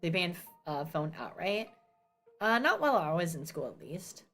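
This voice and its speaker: A woman's voice: on the low side, sing-song, normal speed, fairly bright tone, faint music behind. A young woman from New Jersey chatting casually as a streamer, ranting and swearing with self-mocking asides. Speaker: VTuber streamer.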